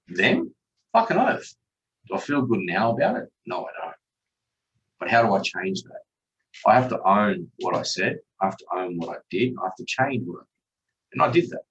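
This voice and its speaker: A man's voice: low voice, a bit bright, distant mic, low-quality recording. A man, a podcast guest telling his own story candidly and bluntly, swearing freely. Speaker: podcast guest, chef and father.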